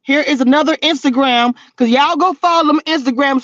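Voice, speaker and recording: A woman with a high, bright-pitched voice runs her live stream like a gossip session, teasing and cracking herself up. The sound is dull and lo-fi, with no room echo at all. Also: fast talker, hardly any pauses. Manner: sassy, teasing, laughs often, slangy. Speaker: reality TV blogger hosting a live stream. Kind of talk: casual live-stream chat reading comments. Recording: dull, lo-fi and dry.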